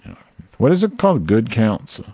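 A man making a prank phone call, talking in a sardonic, mumbling, deadpan way. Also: medium pitch, normal speed, breathy edge, no echo. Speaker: prank caller.

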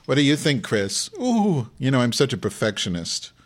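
Very animated and mid-range, this man speaks at a normal speed while playing a loud-mouthed Jewish woman who runs a live online show. The improv is grumbly, crude, and abrasive, full of meandering rants.

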